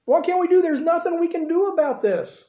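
A man voicing a frightened young male servant, pleading in high, rising exclamations. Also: animated, brisk, warm tone, reverberant, dull audio. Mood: panicked.

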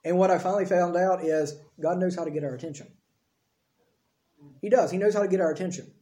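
A man with a high, mellow voice preaches in a relaxed, conversational way, acting out lines of dialogue as he goes. The sound is roomy and echoey, like a church hall. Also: fast. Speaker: pastor. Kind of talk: sermon.

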